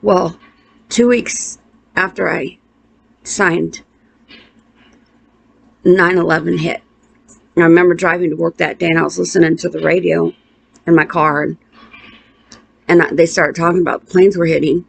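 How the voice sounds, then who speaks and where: Middle-aged woman telling a hard family story, gravelly voice, halting with lots of restarts. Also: on the low side, fairly even intonation. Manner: halting, with restarts and pauses, emotional. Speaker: interviewee. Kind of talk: emotional personal storytelling.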